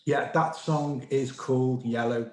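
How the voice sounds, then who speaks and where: A man's voice: mid-range voice, steady tone, unhurried, darkish tone. Wry man hosting comedy. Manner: wry, self-deprecating anecdotes. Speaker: comedy show host. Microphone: video call. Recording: echoey room over a video call.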